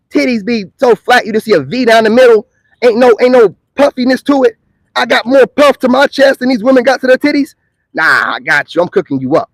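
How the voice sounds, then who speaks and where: Young guy with a high voice trash-talking his haters, swears a lot, dry close sound. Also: no echo, poor audio. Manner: taunting, profane, mocking. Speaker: online video creator. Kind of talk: ranting monologue to camera.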